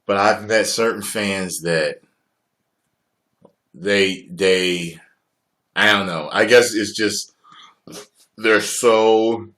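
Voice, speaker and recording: A man in his forties from the United States, chatting casually on a livestream as host, profane and quick to laugh. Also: on the low side. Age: 40s. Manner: profane, laughs often, swings loud and soft.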